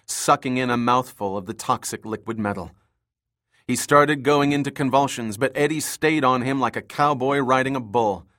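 A man reading a thriller novel aloud as an audiobook narrator, in a steady storytelling manner. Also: medium pitch. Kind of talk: scripted narration.

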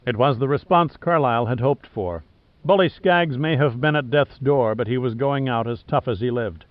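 A man narrating an audiobook in a measured, even storytelling manner. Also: mid-range voice, dry recording. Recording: dull, dry studio recording.

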